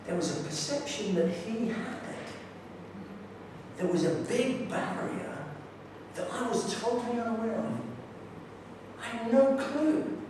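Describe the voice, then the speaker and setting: A man's voice: extremely high pitch, noisy background. A man giving a conference talk, telling stories about his neighbours in an enthusiastic, direct way. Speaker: conference speaker. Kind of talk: preaching talk with anecdotes. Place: large echoey hall. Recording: echoey hall from far off.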